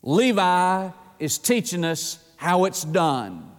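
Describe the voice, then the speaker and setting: A middle-aged male pastor with a notably high voice preaches in a folksy, emphatic style. He repeats his key phrases and appeals straight to his listeners. His voice rings with the long reverb of a large church hall. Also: big pitch swings, slow, faint music behind. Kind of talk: sermon.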